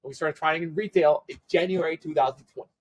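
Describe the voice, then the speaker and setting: Man, podcast guest, lively storyteller, fairly high voice, acts out the dialogue. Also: breathy edge, rough recording. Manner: animated storyteller acting out quoted dialogue; fast, run-on phrasing with restarts. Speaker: tech company CEO, podcast guest. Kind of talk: storytelling in a casual podcast interview.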